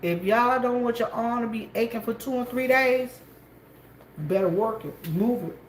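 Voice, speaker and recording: A woman chatting casually to her viewers from a gas station store, gossipy and quick to laugh. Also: on the high side. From South Carolina, USA. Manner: chatty and gossipy, laughs often, calls out loudly to coworkers. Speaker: vlogger. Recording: echoey room, faint background noise.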